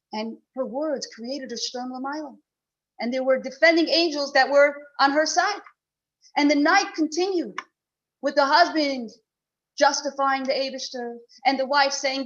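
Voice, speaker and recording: A woman giving an earnest inspirational talk to a women's gathering, telling a story and swelling and dropping in loudness. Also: high voice, a little slow, long pauses. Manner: earnest, rising and falling in loudness. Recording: dull lo-fi recording.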